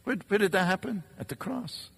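A man preaching a sermon in an earnest, measured way, posing rhetorical questions and pausing for effect. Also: sits high, animated, breathy edge. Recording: long reverb of a large hall.

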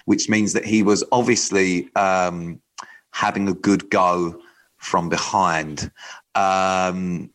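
A man's voice: low voice, a bit bright, poor audio. A man co-hosting a podcast in casual chat, hesitant with many ums. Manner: hesitant, frequent ums, dry. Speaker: podcast co-host.

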